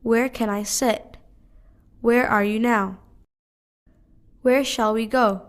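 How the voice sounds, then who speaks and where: A woman, reading English practice questions one at a time in a measured, careful way. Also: fairly high pitch, fairly even intonation. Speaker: English teacher. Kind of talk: reading drill sentences aloud.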